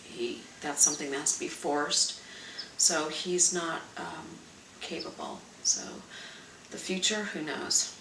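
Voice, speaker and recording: A woman in her forties, a mother, speaking frankly and with quiet resignation in an interview. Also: low-pitched, measured pace, vocal fry. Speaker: mother of two sons with special needs. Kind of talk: candid interview talk. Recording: roomy sound from a distant mic, faint noise.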